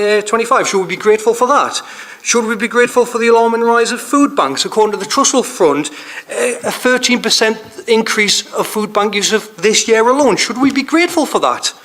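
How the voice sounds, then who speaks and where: A man speaks in a council chamber, his voice sitting high. He is plainly angry, driving his speech forward with one repeated rhetorical question after another. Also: fairly bright tone.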